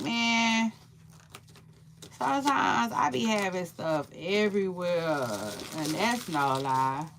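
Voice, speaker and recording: Animated, bright-voiced woman gossiping live. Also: medium pitch, vocal fry, a little hiss or hum. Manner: animated, playful, frequent "child" and quick laughs. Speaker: live-stream commentator. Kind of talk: casual live-stream gossip chat.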